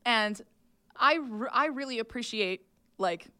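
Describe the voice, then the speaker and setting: Woman game master, bright and chatty, quick rules explanations. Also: fairly high pitch, lively intonation. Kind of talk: running a tabletop game.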